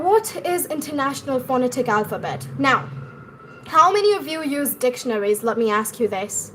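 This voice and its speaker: A woman's voice: sits high, lively intonation, normal speed, fairly bright tone, slight background noise. A young woman with an Indian English accent, teaching pronunciation on a live stream and answering viewers' comments as she goes.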